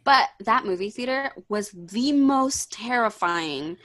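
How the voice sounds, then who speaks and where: A woman's voice: on the high side, lively intonation, takes it slowly, fairly bright tone. A young woman co-hosting a podcast, chatting casually and giving dramatic, opinionated takes on a movie, laughing often. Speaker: podcast co-host. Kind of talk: casual chat, movie recap.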